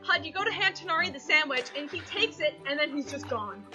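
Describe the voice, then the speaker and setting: A woman running a tabletop game as game master, narrating with chaotic energy and quick asides. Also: sits high, animated, bright, forceful tone, highs cut off, soft background music.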